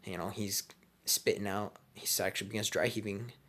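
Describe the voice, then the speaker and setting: A man's voice: on the low side, steady tone, normal speed, fairly bright tone. A man casually telling a made-up fan story, crude, slangy and rambling.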